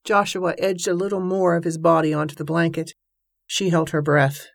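A woman narrating a novel in even, measured tones. Her voice sits slightly low. The recording is close and dry, with no room sound. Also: creaky, dry recording. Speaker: audiobook narrator. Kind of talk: scripted narration.

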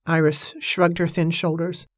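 A woman narrating an audiobook novel in a measured, even storytelling manner. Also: lowish voice, no room sound, studio quality. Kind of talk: scripted narration.

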